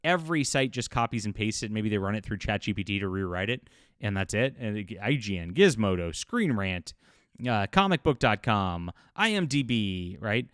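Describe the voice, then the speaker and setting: A man's voice: on the low side, very animated, moderate pace, a bit bright, clean tone, no echo, studio quality. A man hosting a casual commentary channel, rambling with lots of fillers and restarts. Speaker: YouTube host and sci-fi writer.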